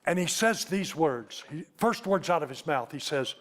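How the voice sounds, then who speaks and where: A man preaching a storytelling sermon, giving an emotional testimony that slows to a hush at its tender points. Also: fairly high pitch, lively intonation. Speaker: Baptist preacher.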